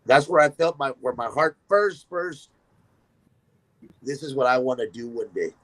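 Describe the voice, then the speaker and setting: A man, a musician guest on a podcast, telling a story in an animated way and acting out the voices of the people in it. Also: mid-range voice, normal speed, rough recording. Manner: animated, acts out quoted voices in his stories.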